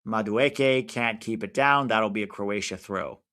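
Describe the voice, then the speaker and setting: An American man commenting casually on a live football match for his stream viewers, reacting loudly to big moments. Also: on the low side, measured pace. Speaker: watch-along streamer.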